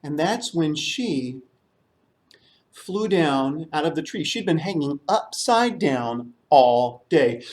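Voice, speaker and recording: A man telling a story to children in a church service. His voice is lively and animated, swinging up and down. He leads the group in playful call-and-response. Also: a little high, slow pace.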